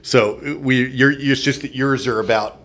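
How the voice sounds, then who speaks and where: A man in his forties hosting a podcast interview, enthusiastic and quick to laugh. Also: medium pitch, steady tone. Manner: warm, enthusiastic, laughs easily. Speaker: podcast host. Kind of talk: casual interview.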